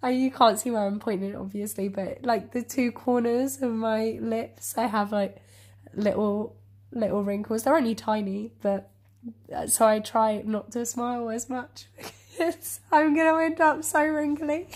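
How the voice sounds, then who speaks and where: A woman's voice: on the high side, steady tone, a little slow, darkish tone. A woman in her early twenties in casual chat, chatty and self-deprecating, often laughing at herself. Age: 20s.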